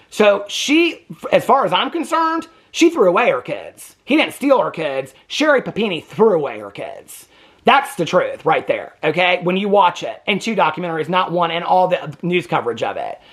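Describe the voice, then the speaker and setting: A man's voice: sits high, fairly bright tone. A man hosting a TV reaction channel, giving opinionated commentary in an indignant, emphatic way and stressing points with a repeated "okay?". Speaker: TV reaction host.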